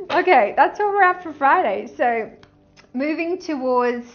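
Woman, high and bubbly, gushing tarot vlogger, dull-ish audio. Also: measured pace. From Australia. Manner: gushing, excitable, breaks into song. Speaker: tarot reader. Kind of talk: casual tarot reading vlog.

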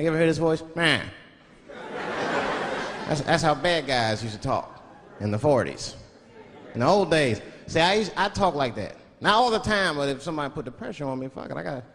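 A man from Washington, D.C. doing a stand-up comedy routine, animated and slipping into put-on voices. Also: fairly high pitch. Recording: live show in a big hall with a loud laughing crowd.

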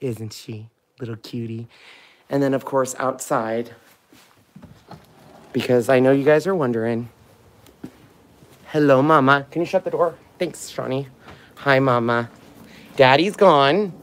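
A man's voice: mid-range voice, a little slow, long pauses. Man gushing over sleepy puppies. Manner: fond, gushing baby talk to puppies. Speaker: host of a live puppy stream. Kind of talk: casual live-stream chat. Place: indoors at home with puppies.

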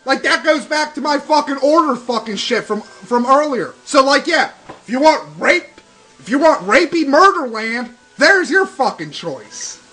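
A man's voice: extremely high pitch, very animated, measured pace, bright, forceful tone, poor audio. A young man doing profane, sarcastic let's play commentary, ranting and swearing constantly. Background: game music.

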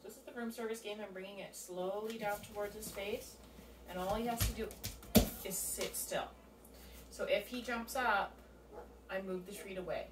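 A woman with a medium-pitched voice, speaking at normal speed, casually walks through a dog training session step by step as she works at home. The sound is roomy and distant, with faint ambience and a little hiss or hum.

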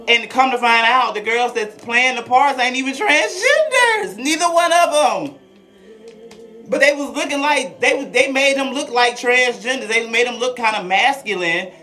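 Her voice sits at a medium pitch and sounds a bit bright as this transgender woman swears freely and speaks candidly with her live-stream audience. Classical Christmas music drifts faintly behind her.

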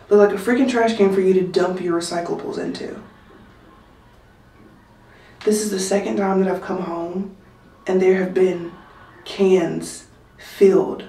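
Recorded on a phone from slightly far away in a roomy apartment, with a little hiss or hum, a woman speaks in a warm, mid-range voice. She is a nursing student vlogging casually to her viewers, venting and chatting with plenty of "like" and "y'all."

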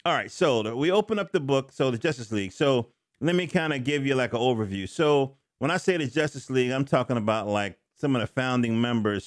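Middle-aged male reviewer, casual rambling delivery, mid pitch, dry close sound. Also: no echo. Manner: rambling, self-correcting, joking asides. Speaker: comic book reviewer. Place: home studio.

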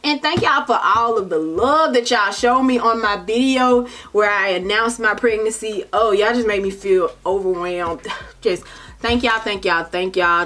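In a haul vlog, a young woman chats casually with her viewers, sounding tired but talkative and calling them "baby" and "child." Her mid-range voice is fairly bright and measured in pace.

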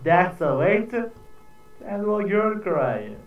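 A man hosting a reaction video, chatting casually, excitable and profane, acting out people in his stories. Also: sits high, slow, dull audio. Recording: echoey room, mic at a distance, faint music.

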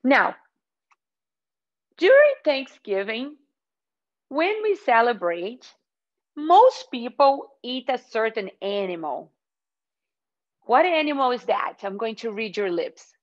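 A young woman leads a children's yoga class with a high, very animated, sing-song voice. She speaks slowly and clearly, with playful energy. The audio is dull and lo-fi. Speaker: kids' yoga teacher.

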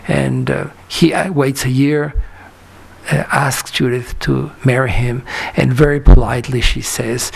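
A man's voice: mid-range voice, flat delivery, a little slow, vocal fry, slightly rough. A man giving a conference talk, telling anecdotes about a photographer's life with frequent fillers and quoted dialogue. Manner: storytelling, many fillers, quotes characters in dialogue. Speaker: lecturer. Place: lecture hall.

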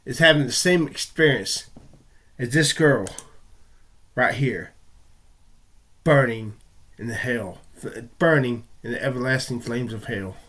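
A man's voice: medium pitch, a little slow, pauses often, fairly bright tone. A man hosting a video, addressing the viewer directly in a confrontational preaching commentary. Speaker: video host.

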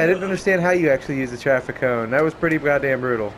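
Over game music, a young gameplay streamer talks at medium pitch in a rapid-fire stream with hardly any pauses. His let's-play commentary is casual and excitable, packed with swearing, yelps and laughter at the on-screen action.

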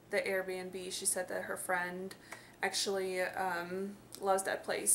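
A young woman with a Russian accent, rambling casually with many fillers as she vlogs around a city on a handheld camera. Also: mid-range voice. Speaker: vlogger. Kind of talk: casual travel vlog narration. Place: around a city, indoors and outdoors. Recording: loud street and traffic noise.

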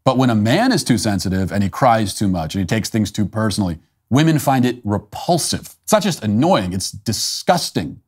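Blunt, low-voiced male commentator. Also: animated, moderate pace, a little mellow, slightly rough. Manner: blunt, emphatic, scornful. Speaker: host. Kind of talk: opinion commentary monologue.

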